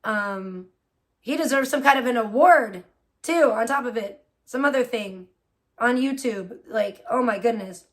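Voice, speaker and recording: A woman's voice: on the high side, measured pace. A woman hosting a casual livestream, reading a petition aloud and reacting with feeling. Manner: emotional and expressive, swearing at her computer. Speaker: livestream host.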